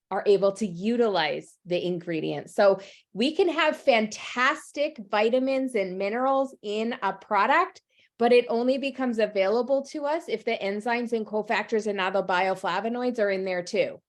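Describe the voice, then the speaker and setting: A woman speaking as a holistic nutritionist in casual chat, enthusiastic and earnest, slowing down to explain details. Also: medium pitch. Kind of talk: casual chat on a live stream.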